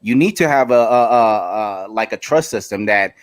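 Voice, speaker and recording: A man in a casual sports debate who speaks haltingly, restarting with repeated words as he makes his point. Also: lowish voice.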